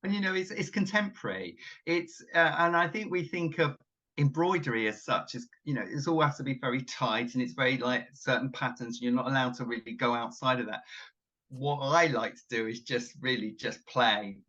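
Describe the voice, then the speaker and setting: A man's voice: medium pitch, moderate pace, bright, forceful tone. A man co-hosting a sewing tutorial, talking in a thoughtful, musing way. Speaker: co-host of a sewing channel. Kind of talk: casual craft tutorial chat. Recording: slightly dull, lo-fi sound.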